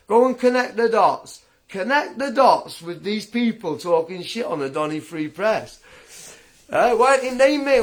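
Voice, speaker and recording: A man ranting straight to camera in a blunt, combative, indignant vlog monologue. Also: sits high. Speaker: vlogger.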